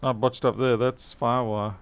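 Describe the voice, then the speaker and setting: A man's voice: medium pitch, level tone, normal speed, smooth. A man talking casually to camera while repairing a laptop in his workshop, chatty and self-mocking, muttering as he works. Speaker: electronics repair technician. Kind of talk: casual workbench commentary.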